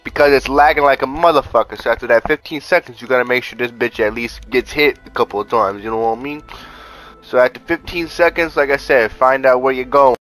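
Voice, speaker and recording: Male gaming host, casual profane tutorial voice-over, street-slang step-by-step coaching, mid-pitched voice. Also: fairly quick, fairly bright tone, soft background music, poor audio. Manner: laid-back, profane, repeats "bada bing, bada boom".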